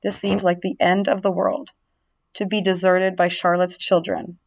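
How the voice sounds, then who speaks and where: A woman narrating a storybook reading aloud, gentle and expressive. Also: on the low side, moderate pace, gravelly.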